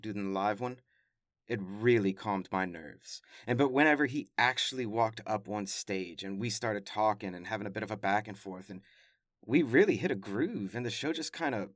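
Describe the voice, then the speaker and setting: A man's voice: fairly low pitch, normal speed, no room sound. A man hosting his own podcast from a small home closet studio, recapping casually in a chatty, self-deprecating way. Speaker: podcast host.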